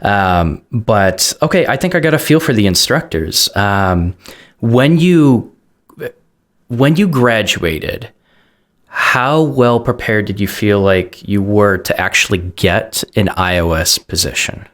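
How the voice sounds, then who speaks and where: A man's voice: fairly low pitch, lively intonation, slow pace, a bit bright. A man hosting a video call interview, talking casually with fillers, on a headset. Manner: conversational, frequent fillers. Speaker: host.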